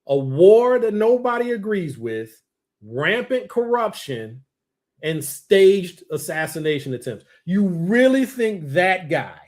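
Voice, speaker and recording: A man's voice: very animated, slow pace, a little mellow. A man hosting a political talk show, arguing with passion and rhetorical questions. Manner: impassioned, rhetorical, pitch rising when worked up. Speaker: show host. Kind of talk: political commentary.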